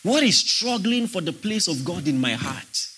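A man's voice: high-pitched, very animated, moderate pace, pushed and bright, slight background noise. A man preaching a sermon, emphatic and questioning his congregation as he teaches. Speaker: pastor.

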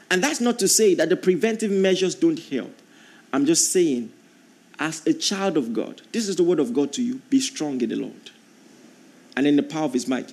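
A man preaching with a notably high voice. He reads scripture aloud and repeats key lines for emphasis. He often climbs into drawn-out, emphatic passages. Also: animated, darkish tone. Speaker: pastor. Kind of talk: sermon.

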